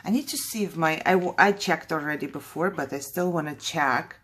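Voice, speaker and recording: A woman's voice: deep voice, brisk, a bit bright, slightly rough. A woman hosting a casual craft tutorial, chatty and thinking aloud, laughing at her own mistakes as she works.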